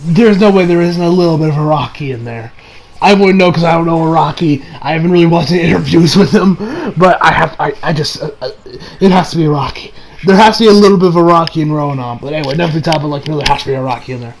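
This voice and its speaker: A man's voice: on the high side, fast talker, low-quality recording. A man giving a casual episode recap and review, rambling with many restarts and self-mocking asides. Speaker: anime reviewer.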